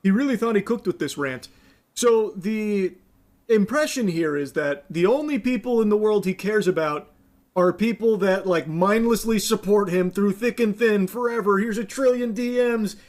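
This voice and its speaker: A man's voice: high-pitched, animated, normal speed, a little mellow. A man giving a reaction commentary, scolding and sarcastic in an exasperated way.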